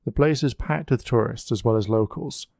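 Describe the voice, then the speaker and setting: Mellow-voiced male storybook narrator. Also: medium pitch, normal speed, creaky, dry recording, clean studio sound. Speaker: audiobook narrator.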